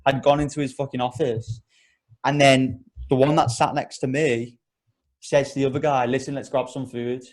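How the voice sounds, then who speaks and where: A man's voice: mid-range voice, normal speed. A young man hosting a podcast, telling a story in casual chat with lots of swearing. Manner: animated storyteller, swears a lot. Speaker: podcast host.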